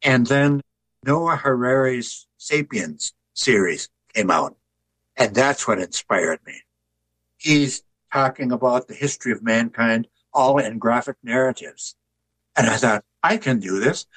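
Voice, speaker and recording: An older man, an author and artist, telling stories in a relaxed, folksy interview. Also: medium pitch, a little slow, breathy edge, no echo, low-quality recording. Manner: folksy, tells jokes with put-on voices.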